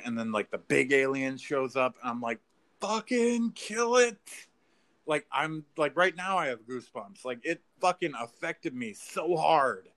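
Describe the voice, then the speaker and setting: A man in casual podcast chat, rambling excitedly through a story with lots of filler words and swearing. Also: medium pitch. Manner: rambling, profane, filler-heavy, says "like" and "dude".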